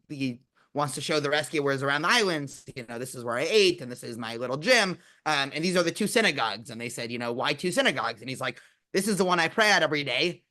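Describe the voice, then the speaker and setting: Bright-voiced male rabbi host. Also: on the high side. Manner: chatty, peppers speech with "you know". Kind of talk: casual conversation, telling jokes.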